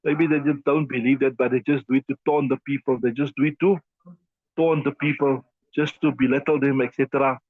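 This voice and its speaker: A man's voice: medium pitch, fairly even intonation, a little fast, dry recording. A man teaching a Quran commentary class in a conversational, emphatic way, often repeating himself and using fillers. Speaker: Islamic teacher. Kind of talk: tafsir class lecture. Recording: dull lo-fi dry sound.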